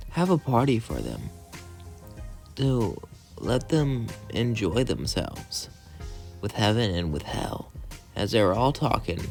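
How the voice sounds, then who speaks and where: Rambling low-voiced male storyteller. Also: gravelly. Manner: rambling, strings clauses with "as then", lightly voices each character. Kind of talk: casual fan-fiction narration with voiced quotes.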